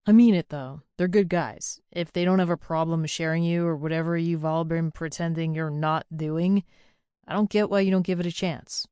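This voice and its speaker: A woman voicing a blunt, teasing young adult brother in an audiobook, with a gruff, wry way of talking. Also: low voice, steady tone, normal speed, mellow, dry recording, clean studio sound, close to an everyday voice. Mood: reassuring. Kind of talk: audiobook character voice.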